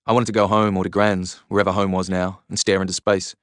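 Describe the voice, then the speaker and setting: A low-voiced man narrates a novel in the first person, steady and earnest. The read is close and dry, with no room around it. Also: quick pace, clear, resonant tone, no room sound. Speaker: reader. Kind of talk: audiobook narration.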